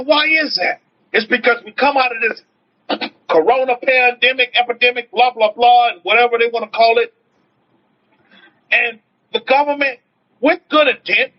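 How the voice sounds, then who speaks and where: A man, a rabbi, giving an informal online teaching to his followers. He talks in a preachy way, repeats his phrases, asks rhetorical questions and reads out viewer comments. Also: very high voice. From United States. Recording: dull lo-fi stream audio.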